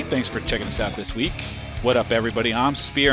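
A man's voice: medium pitch, steady tone, fairly quick, few pauses, bright, forceful tone, faint music behind. A man hosting a casual podcast, joking loosely and laughing easily. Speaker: podcast host. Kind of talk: casual chat.

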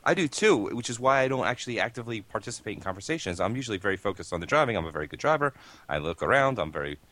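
A man's voice: fairly low pitch, lively intonation, very fast, fairly bright tone. A man co-hosting a casual chat, blunt and grumbling, swearing freely. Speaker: podcast co-host.

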